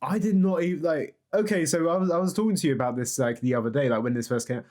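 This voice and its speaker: A man's voice: a little high, fast, a little mellow. A man, co-hosting a podcast in casual chat, who laughs often and swears now and then. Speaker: podcast co-host.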